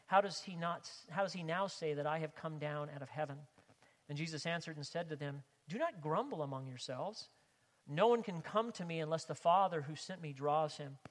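A man's voice: fairly high pitch, long reverb tail. A man preaching a sermon as a pastor, reading scripture aloud and speaking earnestly to the congregation.

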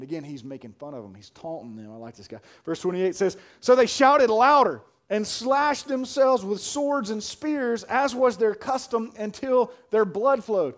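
Animated preacher man, fairly high voice. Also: moderate pace, hardly any pauses. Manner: animated, swinging from hushed to shouting; colloquial, says "man" and "y'all". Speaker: pastor. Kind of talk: sermon.

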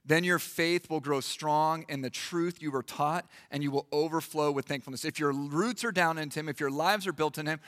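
A man preaching in church, lively and animated, acting out little voices for the congregation. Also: fairly high pitch, smooth, no room sound, clean studio sound, in a large hall. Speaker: pastor. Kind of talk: sermon. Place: church hall.

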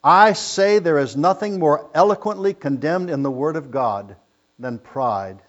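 A man's voice: on the high side, measured pace. Emphatic preacher man, muffled recording. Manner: emphatic preaching, rising loud on scripture quotes. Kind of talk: sermon.

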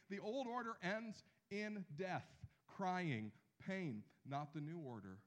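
Animated male preacher, slightly high. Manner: animated, with slow emphatic phrases and drops to a hush. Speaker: pastor. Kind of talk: sermon.

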